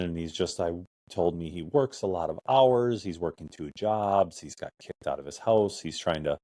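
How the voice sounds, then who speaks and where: A man's voice: deep voice, moderate pace, a little mellow, no room sound, studio quality. A middle-aged man hosting a podcast, telling a personal story in a casual, rambling way full of "I'm like" and "or whatever". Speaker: podcast host.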